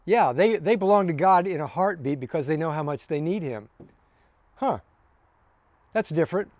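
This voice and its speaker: A man giving a relaxed, conversational sermon as a pastor, recorded outdoors on his deck in the evening. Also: on the high side, moderate pace, no echo. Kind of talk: casual sermon.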